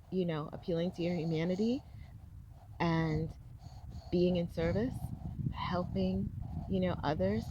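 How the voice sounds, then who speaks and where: A middle-aged New York woman tells a personal story straight to the camera. She rambles warmly, full of fillers and restarts, in a lowish voice. A faint hiss of background noise sits under her. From New York City. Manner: chatty, many fillers and restarts. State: tearful while retelling. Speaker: vlogger.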